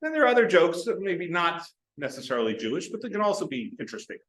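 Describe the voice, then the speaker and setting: Man giving a humorous club speech, lively pitch, a bit high, echoey room. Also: quick pace. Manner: animated joke-telling with quoted voices. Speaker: club speaker. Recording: roomy echo.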